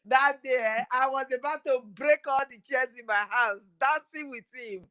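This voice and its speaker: A woman's voice: high-pitched, moderate pace, sharp tone, no room sound. A Nigerian woman calling into an online audio space, talking in a fervent, effusive way. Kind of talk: casual chat.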